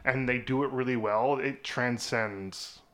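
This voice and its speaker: A man's voice: medium pitch, fairly even intonation, measured pace, a bit bright. Chatty laughing man. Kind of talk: casual chat.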